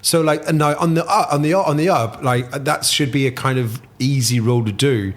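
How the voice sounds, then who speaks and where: An Irish man chatting as a podcast guest, animated and swearing freely, dropping into quick impressions. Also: medium pitch. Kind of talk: casual chat.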